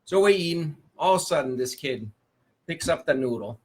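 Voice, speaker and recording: Man with a lively, swooping voice. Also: fairly high pitch, normal speed. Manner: relaxed storyteller. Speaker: guest. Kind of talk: casual anecdote telling.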